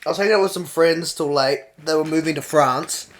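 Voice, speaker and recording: Fairly quick and on the high side, this young man from New Zealand speaks with a New Zealand accent as a podcast co-host, telling a casual story that gets more animated and full of laughter as he goes.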